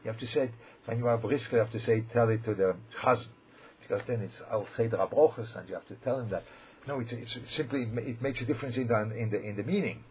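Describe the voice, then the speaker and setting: A man teaching a Torah lesson as a rabbi, emphatic and repetitive, with sudden loud bursts when he quotes the verses. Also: mid-range voice, fast, husky. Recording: dull lo-fi recording with faint background noise.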